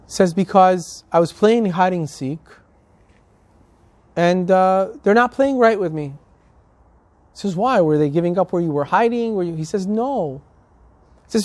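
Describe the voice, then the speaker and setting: A man's voice: high-pitched, animated, a little slow, long pauses, darkish tone, no echo. A male rabbi preaching a sermon and telling a story, emphatic and building to passionate appeals.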